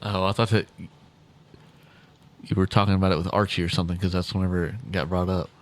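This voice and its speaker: A man's voice: deep voice, level tone, moderate pace. A man co-hosting a casual podcast who gives dry, short replies. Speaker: podcast co-host, editor.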